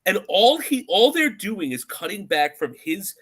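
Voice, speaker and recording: A man's voice: sits high, very animated, unhurried, a bit bright, slightly rough. A man co-hosting a podcast, talking casually about a film, laughing often and acting out lines from scenes. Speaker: podcast co-host.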